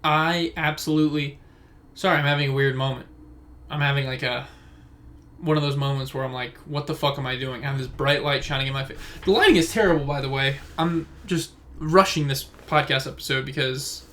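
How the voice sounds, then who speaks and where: The voice is mid-range, a little fast, pushed and bright. It comes from a young man in his twenties running a casual solo podcast in his room at home, captured on a phone camera, rambling and veering onto tangents.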